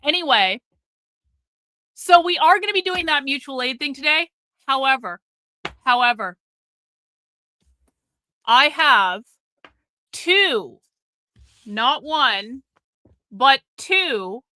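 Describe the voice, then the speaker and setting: A middle-aged woman hosts a casual livestream with a high, bright voice. She is blunt and profane as she scolds viewers in the chat. The recording is dry and close. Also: lively intonation, very slow, long pauses, no echo. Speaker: livestream host.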